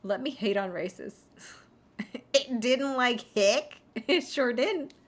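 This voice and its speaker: A woman's voice: a little high, expressive, takes it slowly. Rambling, sarcastic woman streamer. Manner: rambling, sarcastic, heavy on fillers. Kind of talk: casual chat on a livestream.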